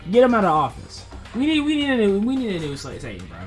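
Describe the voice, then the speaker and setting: A woman's voice: on the high side, very animated, fast, a little mellow, soft background music. A woman co-hosting with comedic commentary, riffing exclamatorily with slang and laughter. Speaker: co-host.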